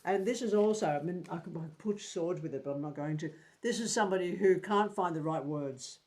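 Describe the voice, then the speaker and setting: A man's voice: sits high, brisk, darkish tone. A man in his seventies teaching a tarot group in a casual, blunt way, swearing freely and repeating words while he thinks. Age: 70s.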